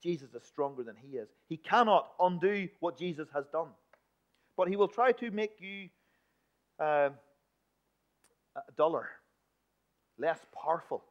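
A man preaching a sermon in a church, emphatic one moment and hushed the next. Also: fairly high pitch. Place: church building. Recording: dull lo-fi recording.

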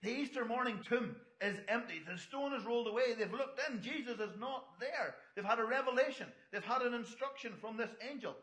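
With an extremely high, fairly bright voice, a middle-aged man preaches fairly quickly and with few pauses. The sermon is conversational and full of storytelling asides to the congregation, recorded in an echoey hall.

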